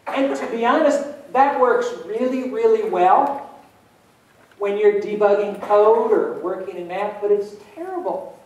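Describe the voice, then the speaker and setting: A man giving a motivational keynote talk to students, telling funny stories in an animated way. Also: high-pitched. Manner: animated, humorous storytelling. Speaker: motivational speaker. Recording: echoey hall from far off.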